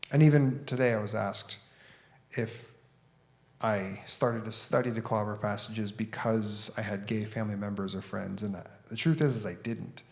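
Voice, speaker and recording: A man's voice: on the low side, steady tone, moderate pace, gravelly. A man giving a conference talk as an author and speaker, conversational and plain-spoken as he tells a story.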